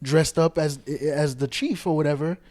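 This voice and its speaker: A man co-hosting a comedy podcast, joking and cursing in quick back-and-forth. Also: a little high, steady tone, darkish tone. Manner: joking, swearing, quick reactions. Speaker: podcast co-host. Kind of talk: casual comedy chat.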